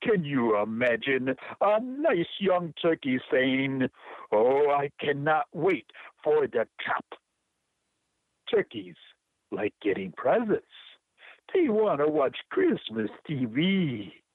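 A man's voice: a little high, sing-song, slow, no room sound, heavily acted. A man calling in on the phone, reading a poem aloud in a put-on Jamaican accent. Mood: playful. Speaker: caller. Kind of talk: poetry reading. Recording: phone line.

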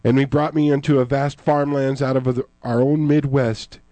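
A man voicing a theatrical fire-and-brimstone preacher telling of a vision, with a booming delivery. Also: level tone, moderate pace, dark tone, dry recording, close to an everyday voice. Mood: ranting.

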